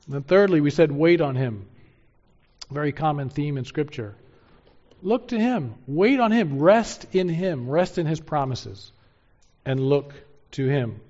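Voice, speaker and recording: A man's voice: fairly high pitch, lively intonation, unhurried, a little mellow, highs cut off. A male pastor preaching a sermon in an emphatic way, repeating key phrases for stress.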